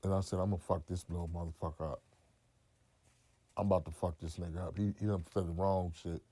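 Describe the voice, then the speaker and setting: A man being interviewed, telling a long profane story and acting out other people's quotes loudly. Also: low voice, level tone, fast talker, husky. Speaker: interview guest. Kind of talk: animated storytelling.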